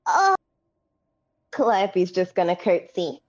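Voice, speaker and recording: A woman's voice: on the high side, a little slow, lo-fi sound. A woman playing in a tabletop game, giggly and flustered as she talks. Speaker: player. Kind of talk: casual tabletop play.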